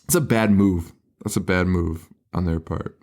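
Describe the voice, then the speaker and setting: A man's voice: deep voice, moderate pace, darkish tone. A man co-hosting a horror movie podcast, recapping scenes in casual chat, laughing often and swearing. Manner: laughing often, swearing, mock-quoting characters. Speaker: podcast co-host.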